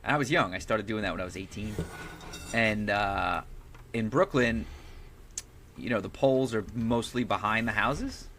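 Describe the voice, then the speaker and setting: A man's voice: on the low side, moderate pace, long pauses, a bit bright, slight background noise. A man in casual chat telling a blunt, rambling anecdote and swearing freely.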